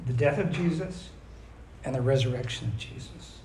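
A man preaching a sermon, emphatic, reading scripture slowly and asking his listeners questions. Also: medium pitch, a little mellow, roomy sound, slight background noise, poor audio. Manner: emphatic, asks the audience questions, reads verses slowly.

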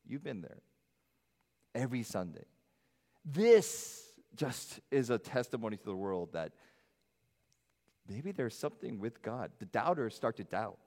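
A middle-aged man preaching a sermon as pastor, swinging from loud, high emphasis to soft, low asides. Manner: animated preaching, rising loud then dropping soft. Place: church sanctuary. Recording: long hall reverb.

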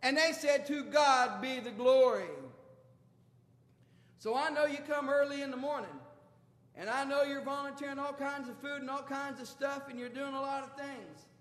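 High-voiced preacher in an echoey hall. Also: male voice, a bit bright. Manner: folksy storytelling, colloquial. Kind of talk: sermon. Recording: echoey hall with long reverb.

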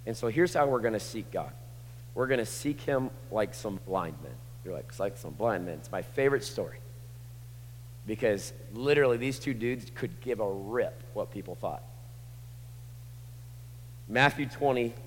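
A man preaching a sermon, moving from hushed, intimate lines to passionate shouting. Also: mid-range voice. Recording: long hall reverb.

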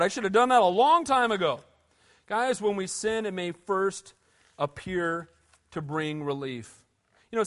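A man's voice: high voice, fairly bright tone. A man preaching a sermon in a conversational, emphatic way, often asking the room for an amen. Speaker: pastor.

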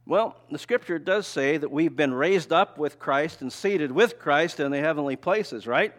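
A man's voice: on the high side, unhurried, a bit bright. An older man preaches in an easy, folksy way. He talks with the congregation rather than at them, often checking in with a rhetorical question. Now and then he drops in a personal story. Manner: conversational, asks rhetorical questions; folksy, tells personal stories. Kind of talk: sermon with slides.

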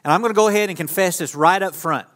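This man talks fast, his high voice carrying a fairly bright tone. He's a pastor on a church stage leading an interactive sermon, joking around with volunteers and teasing the audience in a relaxed way, all under the hall's long reverb.

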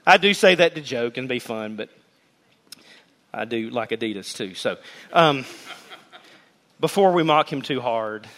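A man preaching a sermon to his congregation in a lively, joking way. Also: medium pitch, moderate pace, pauses often. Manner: animated, joking preacher who addresses the congregation. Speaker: pastor. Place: church sanctuary. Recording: long hall reverb in a church.

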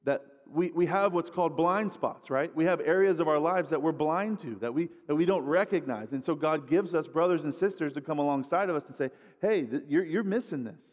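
Conversational preacher in an echoey hall. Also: male voice, fairly high pitch, a little fast, hardly any pauses. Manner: conversational, repeats words while building points. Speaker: guest preacher. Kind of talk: sermon.

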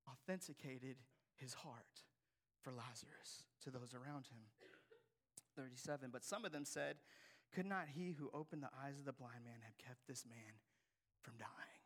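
A man preaching a sermon to a congregation, swinging from hushed, near-whispered lines to loud, emphatic passages. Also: mid-range voice. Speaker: pastor. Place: church hall before a congregation.

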